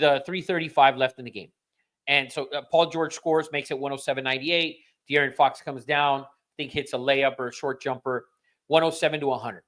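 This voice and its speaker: A man's voice: mid-range voice, fairly bright tone. A man hosting a podcast, ranting in casual, profane chat that rambles with restarts. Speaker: podcast host.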